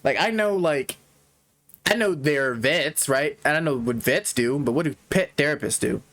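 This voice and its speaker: A man's voice: a little high, normal speed, a bit bright. A man streaming a game reaction, musing aloud in casual rambling commentary.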